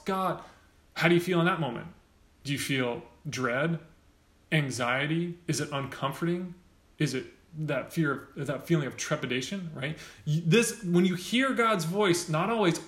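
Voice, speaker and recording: Male pastor, slightly high voice, casual sermon style, roomy church sound. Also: normal speed, a bit bright. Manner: conversational, keeps asking "right?".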